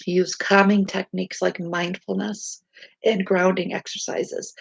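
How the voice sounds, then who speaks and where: A woman life coach, unwell, giving steady self-help advice from her bed into a laptop mic. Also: medium pitch, a little slow, vocal fry, husky, no room sound. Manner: steady, instructive, reading from notes. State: unwell, low energy. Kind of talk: casual self-help talk. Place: bed at home.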